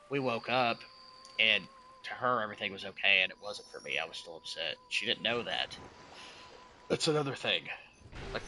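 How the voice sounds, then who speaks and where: A man's voice: lowish voice, bright, forceful tone, a little hiss or hum. A young man streaming a game and chatting casually, telling a long story in an emphatic, profane way. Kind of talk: casual rambling chat.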